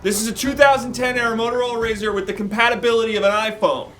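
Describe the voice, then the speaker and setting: A man's voice: fairly even intonation, quick pace, fairly bright tone, soft background music. A man performing improvised comedy as a rude, profane male golfer who brags about working for the CIA. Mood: boastful. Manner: brash and profane, low mutter.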